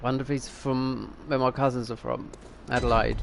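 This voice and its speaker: A man's voice: mid-range voice, flat delivery, moderate pace, creaky, few pauses, slight background noise. A middle-aged man, rambling and thinking aloud as he comments on a game, now and then swearing at it. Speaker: streamer. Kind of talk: casual gameplay commentary.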